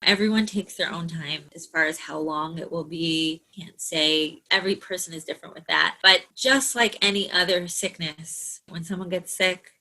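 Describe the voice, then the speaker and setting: A woman interview guest with a lowish voice that has a bright, clear edge. She answers calmly and thoughtfully, with a hopeful tone. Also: normal speed, few pauses, poor audio. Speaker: interview guest, support group founder.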